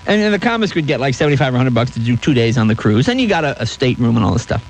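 A man's voice: medium pitch, rapid-fire, vocal fry, a little hiss or hum, rough recording. A man telling anecdotes as a comedian guest in an interview, acting out the voices of people in his stories. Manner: animated, acts out voices in stories.

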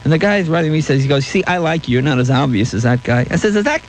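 A man's voice: on the high side, fast talker, noisy background. A man telling anecdotes as a comedian guest in an interview, acting out the voices of people in his stories. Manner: animated, acts out voices in stories.

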